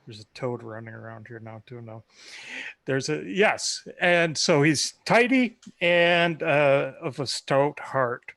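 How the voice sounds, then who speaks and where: A man playing a tabletop game, introducing his character in a hesitant way, full of pauses. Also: medium pitch, animated, creaky, fairly bright tone, dry recording. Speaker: player.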